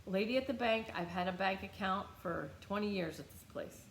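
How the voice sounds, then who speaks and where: A woman's voice: medium pitch, brisk, roomy sound, slight background noise. Blunt American woman telling a story. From United States. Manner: blunt, animated, swears freely. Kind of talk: casual storytelling.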